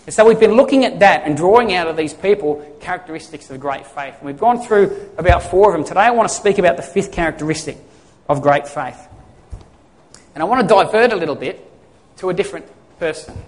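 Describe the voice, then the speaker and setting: A male pastor preaching a sermon in a conversational way, asking the congregation questions and answering them himself. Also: on the high side. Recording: long hall reverb.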